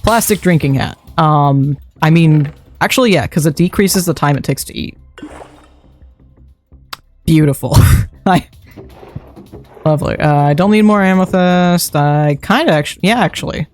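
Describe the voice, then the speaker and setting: A man's voice: on the high side, measured pace, pauses often. A man livestreaming a game, chatting and muttering his thoughts aloud as he plays. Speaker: streamer. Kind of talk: live game-stream commentary. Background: faint background music.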